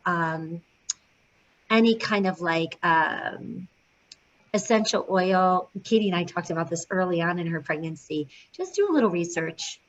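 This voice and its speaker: A woman leading a prenatal yoga teacher training, talking in a chatty way with many fillers. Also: fairly low pitch. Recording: dull lo-fi sound with faint noise.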